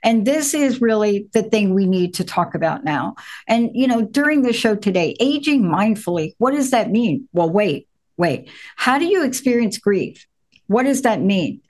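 A woman hosting a talk show, animated and laughing easily, telling stories with drawn-out emphasis. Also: medium pitch. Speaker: show host. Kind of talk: conversational show interview.

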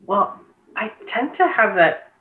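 A woman's voice: a little high, very animated, slow pace. A woman in casual conversation, a body therapy practitioner who talks earnestly and agrees often, with many fillers. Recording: tinny phone-like line in echoey room.

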